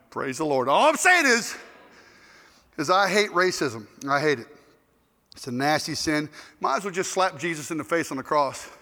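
Animated high-voiced man preaching. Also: moderate pace. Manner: animated, joking storyteller who acts out quotes loudly. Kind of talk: storytelling sermon. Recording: long hall reverb.

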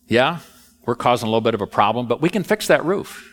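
A man's voice: mid-range voice, expressive, quick pace, lightly acted. A man voicing pushy, determined friends who insist they must get their companion through, in a matter-of-fact way.

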